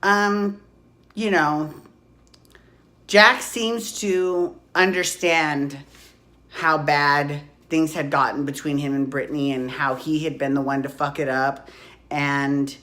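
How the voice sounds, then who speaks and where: A woman's voice: deep voice, fairly even intonation, slow pace, fairly bright tone. Gossipy, profane woman recapping reality TV. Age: 40s. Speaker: podcast host. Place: hot room at home. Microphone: phone.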